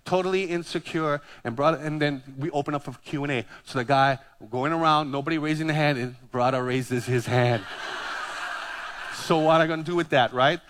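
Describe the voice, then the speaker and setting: A male pastor in his fifties from Hawaii, preaching a sermon full of personal stories told with animated, self-deprecating humor. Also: a little high, brisk, a little hiss or hum. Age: 50s.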